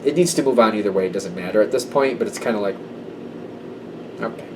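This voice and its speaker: This tarot reader, a man with a lowish voice, talks fast and is recorded from a distance over background noise. His reading to camera stays casual and emphatic, and he sometimes slips into quoted voices.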